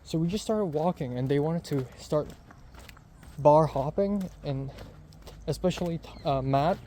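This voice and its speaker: A man's voice: fairly high pitch, measured pace, dark tone, slight background noise. A man in his twenties telling a story in a casual vlog, rambling and chatty with lots of fillers. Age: 20s. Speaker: vlogger.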